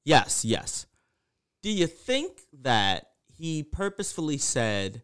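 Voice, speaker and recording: Podcast co-host, playful and joking, unhurried overall, smooth clear voice. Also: medium pitch. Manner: playful and animated, quick jokes and affirmations. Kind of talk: casual podcast chat.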